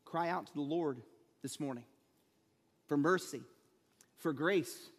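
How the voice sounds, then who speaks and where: A man preaching a sermon as a pastor, building to emphatic peaks with dramatic pauses. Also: fairly high pitch, in a large hall. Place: church sanctuary.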